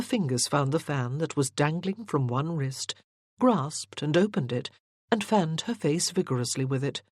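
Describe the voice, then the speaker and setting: An audiobook narrator reading a historical romance in a measured, even storytelling manner. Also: medium pitch, breathy edge, no room sound, studio quality.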